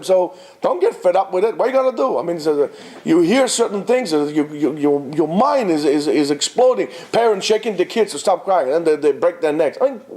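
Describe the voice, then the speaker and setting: Animated man giving a lively Torah talk. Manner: animated and exhortative, mixing Hebrew terms, swooping pitch. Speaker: rabbi teaching at a yeshiva. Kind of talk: informal Torah talk to students.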